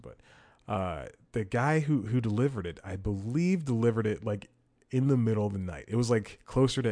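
A man's voice: fairly low pitch, a little mellow. A young man hosting a podcast in casual solo chat, rambling with restarts and chuckling as he tells a story into a home podcast mic. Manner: rambling, many restarts and self-corrections; chuckles while telling stories. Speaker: podcast host.

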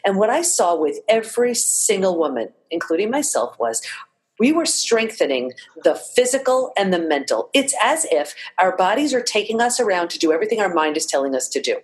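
Earnest woman with a lowish voice. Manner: earnest, explains with metaphors. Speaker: guest, researcher of women. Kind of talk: reflective interview talk.

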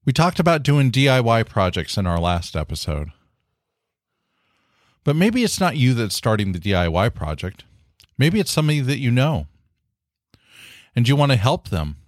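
Very animated and mid-range in pitch, this podcast host speaks at a normal speed but pauses often. The studio-quality recording has no room sound. Talking casually on his own, he's earnest and encouraging, leaning heavily on fillers like "you know."

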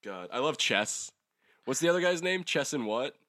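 A man's voice: medium pitch, sing-song, normal speed, bright, forceful tone, dry recording, clean studio sound. A young man co-hosting a podcast, chatting casually and rambling, laughing often and swearing. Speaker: podcast co-host. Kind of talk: casual chat about manga.

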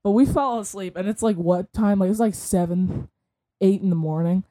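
A woman's voice: medium pitch, moderate pace, dark tone. A young woman co-hosting a podcast, telling a story in casual chat, rambling with lots of fillers and giggles. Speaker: podcast co-host.

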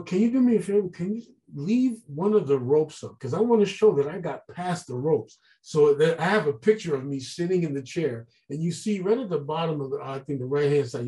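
A man telling a long story as an interview guest, animated and acting out the voices of people he quotes. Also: fairly high pitch, rough recording. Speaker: guest artist. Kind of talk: casual storytelling.

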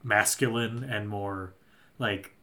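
A man's voice: on the low side, fairly even intonation, slow, pushed and bright. A man co-hosting a casual chat, recapping a movie plot in a rambling, dry, joking way. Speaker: podcast co-host.

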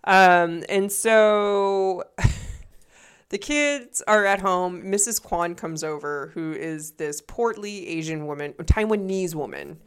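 A young woman co-hosting a casual chat show, with a lower voice than most women. She talks in an animated, joking way and swears freely. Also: takes it slowly, clear, resonant tone. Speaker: podcast co-host.

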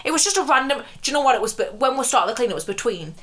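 A woman's voice: on the high side, animated, racing, a bit bright. A young woman, chatting and telling stories as a podcast co-host, often giggling. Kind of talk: casual chat.

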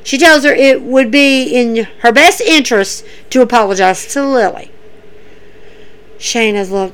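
A woman recapping wrestling shows in a casual, excitable way, acting out what people said. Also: fairly high pitch, measured pace, clean tone, poor audio. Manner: excitable storyteller acting out quotes.

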